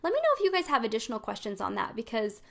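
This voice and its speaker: A woman's voice: fairly high pitch, sing-song, racing, gravelly, fairly bright tone. A woman in her thirties giving a casual live card reading, affectionate and upbeat, calling her viewers sweet friends. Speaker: spiritual coach hosting weekly card pulls.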